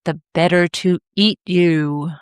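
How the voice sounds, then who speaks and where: A sly, hungry storybook wolf, put on by a woman narrator, who coaxes in a falsely gentle way. The voice sits fairly low and moves at an unhurried pace. It is close and dry, with no room around it. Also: fairly even intonation, clear, resonant tone, no echo. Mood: menacing.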